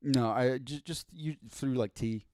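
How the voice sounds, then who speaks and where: A man's voice: medium pitch, a little slow, darkish tone, dry recording, studio quality. A man co-hosting a podcast in casual comedic chat, rambling and joking with many restarts. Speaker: podcast co-host.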